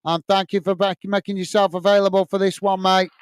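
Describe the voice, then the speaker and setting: A high-pitched English man with a smooth, clear voice signs off his football stream, thanking viewers one by one. He talks in a loose, chatty way, full of "uh" and "mate". The sound is dry and close. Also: flat delivery, brisk, no room sound. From England. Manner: chatty, repeats "mate", many "uh" fillers. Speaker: host of a football watch-along stream. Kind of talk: casual live-stream sign-off, reading viewer comments.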